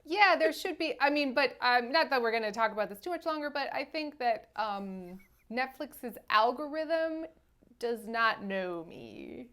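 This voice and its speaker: A woman's voice: high voice, expressive, measured pace, a bit bright. A woman co-hosting a casual movie review podcast, chatty and often acting out quotes. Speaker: podcast co-host.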